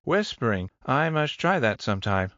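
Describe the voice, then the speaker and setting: A man's voice: medium pitch, big pitch swings, normal speed, fairly bright tone, no room sound, voice pushed up. A man voicing an eager, chatty young male gym trainer who rambles enthusiastically, in a dull, dry audiobook recording.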